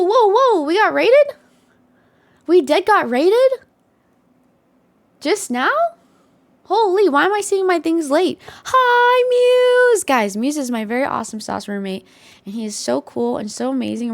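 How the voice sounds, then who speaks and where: Hosting a casual live stream from her desktop setup, a young woman comes across bubbly and full of high-energy hype. Her voice is creaky and has no echo.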